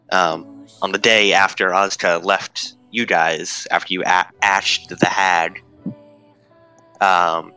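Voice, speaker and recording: A man's voice: low voice, bright, forceful tone, poor audio. A man narrating as game master in a casual tabletop session, explaining plainly with fillers.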